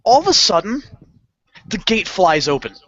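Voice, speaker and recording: A man's voice: high-pitched, moderate pace. A man spins a story on a podcast in a raised voice that swings up and down. He laughs and swears through it and acts out the other people's voices. The audio is dull and lo-fi. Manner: animated, swearing, laughing often, acting out voices. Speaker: podcast co-host telling a story. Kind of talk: casual storytelling chat.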